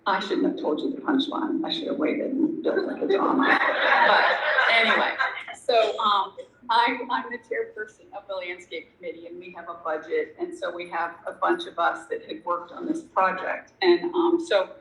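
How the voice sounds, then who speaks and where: A woman's voice: lowish voice, steady tone, moderate pace, fairly bright tone. A middle-aged woman sharing her story at a recovery meeting, candid and self-deprecating, rambling with lots of fillers. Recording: echoey room with faint noise.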